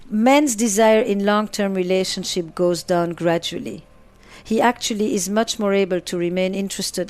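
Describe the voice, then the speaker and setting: A woman's voice: medium pitch, a little mellow. Emphatic woman psychotherapist. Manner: emphatic, repeats phrases for effect. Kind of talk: interview answers.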